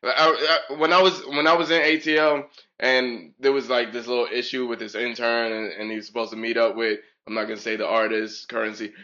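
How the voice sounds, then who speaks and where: A man's voice: medium pitch, level tone, brisk, pushed and bright, highs cut off. A man co-hosting a casual chat who talks bluntly and swears freely. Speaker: blog co-host.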